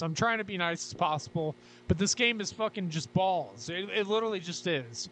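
A man playing a horror game and commenting on it, frustrated and swearing as he rants, his voice getting hoarse. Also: high voice, animated, brisk, few pauses, a bit bright, a little hiss or hum. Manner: frustrated, swears a lot, ranting. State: losing his voice. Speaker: gaming YouTuber. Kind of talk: let's play commentary.

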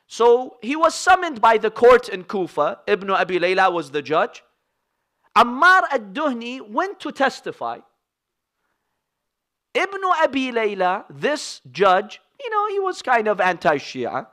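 A man's voice: high voice, very animated, measured pace, sharp tone. A man giving a sermon, retelling an old story in an earnest, emphatic way with casual asides to his listeners. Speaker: religious speaker.

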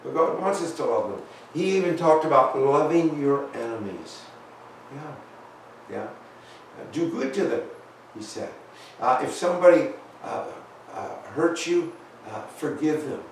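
Man giving a folksy, halting children's talk in a church, roomy echo, far-off mic. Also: a little high, expressive, slight background noise. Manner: folksy, halting, many fillers. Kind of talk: children's sermon with storybook. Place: church sanctuary.

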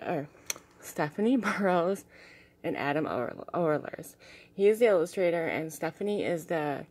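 A young woman with a somewhat low, breathy voice talks through a casual show-and-tell vlog. She gushes softly over each piece and often sinks into a near-hush. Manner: gushing, soft-spoken, drops to hushed tones. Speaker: vlogger showing crystals and art.

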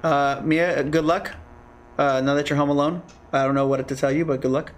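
A man's voice: a little high, fairly even intonation, moderate pace, a little hiss or hum. A man hosting a horror game let's-play, talking to the game's characters, joking to himself and yelping and swearing at the scares. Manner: jumpy, yelps and swears at scares, jokes to himself. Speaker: gaming channel host.

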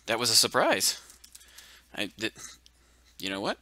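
Over a clearly audible game soundtrack, a gaming channel host narrates his let's-play, amused by whatever he stumbles on. He has a lowish, bright, forceful voice with wildly swooping pitch, speaks a little slowly, and the recording is dry.

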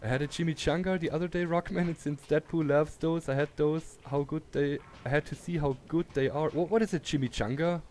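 A chatty man streams a game and greets his viewers. His voice sits somewhat high, and he laughs often. Faint noise runs under him. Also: fairly even intonation, brisk, hardly any pauses, darkish tone. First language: German. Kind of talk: casual gameplay commentary.

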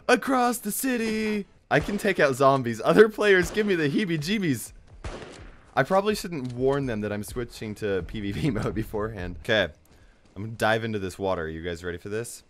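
A young man with a cold giving excitable let's-play commentary, yelping and laughing at the scares. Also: medium pitch. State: has a cold. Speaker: gaming YouTuber.

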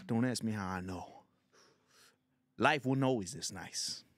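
A man voicing a sly, boastful 75-year-old neighborhood man who gives slow, drawling, preachy advice. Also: fairly low pitch, fairly bright tone, no echo, clean studio sound.

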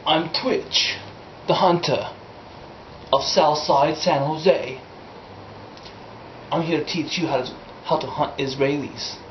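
Man, fake foreign accent, rambling improv, slightly high voice, faint background hiss. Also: fairly even intonation, takes it slowly. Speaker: comic character host. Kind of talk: amateur comedy sketch. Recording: roomy, dull lo-fi home video.

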